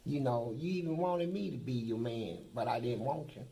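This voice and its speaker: A man's voice: medium pitch, animated, normal speed, gravelly, dark tone, low-quality recording. An older man, a former prisoner, telling blunt, profane stories in a documentary interview. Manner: blunt, profane, boastful storytelling.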